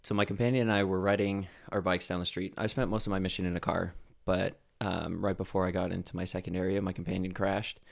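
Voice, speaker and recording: A young man from Idaho, a podcast guest telling stories in a relaxed way, with lots of fillers. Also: sits low, fast talker, creaky, few pauses. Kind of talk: casual storytelling.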